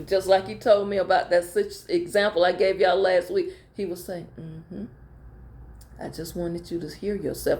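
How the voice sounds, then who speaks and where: A woman's voice: medium pitch, a little mellow, roomy sound. A middle-aged woman pastor talking casually to her viewers, telling heartfelt stories in informal speech and repeating phrases for emphasis. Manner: colloquial, informal grammar. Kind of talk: casual personal talk to viewers.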